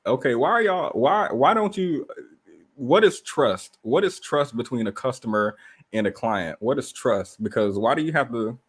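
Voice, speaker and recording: A man hosting a casual livestream from a rented room indoors, telling stories in an animated way and firing off rhetorical questions. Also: medium pitch, normal speed, husky. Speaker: livestream host.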